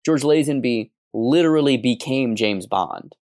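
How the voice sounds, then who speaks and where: A man co-hosting a casual podcast, talking in an animated, wordy and analytical way with quick asides. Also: mid-range voice, no room sound, studio quality. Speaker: podcast co-host.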